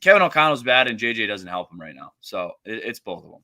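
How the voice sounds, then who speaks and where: A man's voice: lowish voice, big pitch swings, quick pace, sharp tone, no echo. A man co-hosting a sports podcast, talking bluntly and with plenty of swearing, exasperated with his team. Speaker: podcast co-host. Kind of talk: casual sports chat.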